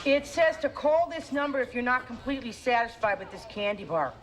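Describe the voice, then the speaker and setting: A woman's voice: on the high side, animated, fairly quick, close to an everyday voice, low-quality recording. A woman playing a curt receptionist in an emergency room in a sitcom clip. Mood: complaining. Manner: curt, giving orders. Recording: sitcom clip with music behind.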